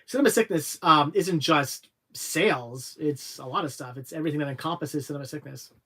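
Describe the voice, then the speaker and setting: A man's voice: on the high side, bright, forceful tone. Rambling man reading live chat aloud. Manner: rambling, halting, reads viewer questions aloud. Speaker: livestream host answering chat. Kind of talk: casual livestream chat.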